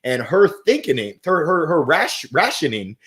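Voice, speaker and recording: A middle-aged man hosts a live motivational stream, slightly high-pitched and upbeat. He swings from soft to loud as he reads out viewer comments and answers them. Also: sing-song, measured pace. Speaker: host of a weekly motivational livestream.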